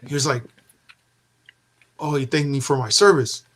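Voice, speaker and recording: Man, casual chat, animated storyteller, quotes people in his story. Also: medium pitch, normal speed.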